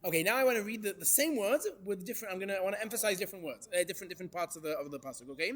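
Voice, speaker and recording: Guy teaching torah, high lively voice, keeps asking the class questions. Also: very fast. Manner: animated, questions the class, Hebrew verse quotes.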